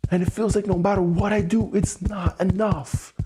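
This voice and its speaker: A man hosting a livestream, venting angrily and swearing, keeping his voice low at home at night so he won't wake anyone. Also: level tone, moderate pace, heavy background noise. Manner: angry, swearing, exasperated. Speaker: livestream host.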